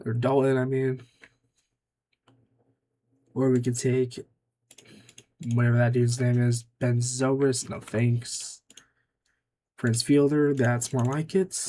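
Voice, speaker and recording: A man's voice: mid-range voice, a little mellow, a little hiss or hum. A young man giving casual gameplay commentary, muttering offhand, dry remarks to himself as he makes picks. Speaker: gaming YouTuber.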